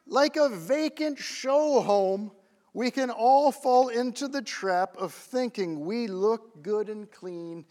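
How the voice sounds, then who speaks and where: High-voiced man preaching casually. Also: slow pace, darkish tone. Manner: conversational, keeps checking in with the audience. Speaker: pastor. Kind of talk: sermon.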